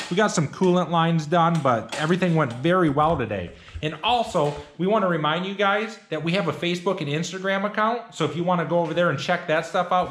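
A man's voice: on the high side, a bit bright. A man co-hosting a garage build vlog, talking upbeat and plainspoken with a few uhs. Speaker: YouTube garage builder co-host. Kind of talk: casual shop vlog talk. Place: garage workshop.

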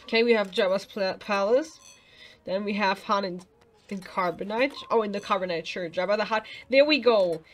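A woman's voice: mid-range voice, normal speed, soft background music. A woman casually commenting on a video game she is playing, chatting to the characters and making playful sound effects. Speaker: let's play gamer.

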